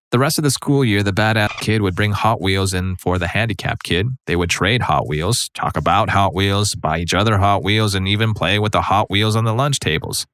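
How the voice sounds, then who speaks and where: A man with a fairly low voice narrates online stories, reading them out in first person. His delivery is conversational and wry, like someone telling an anecdote to a friend. The recording is dry and close, with no room sound. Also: fairly bright tone, clear, resonant tone, dry recording. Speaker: story narrator.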